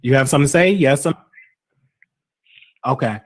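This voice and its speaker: A man's voice: medium pitch, moderate pace. A man hosting live call-in radio, casually reading caller numbers aloud and bringing callers on air. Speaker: radio talk host taking callers.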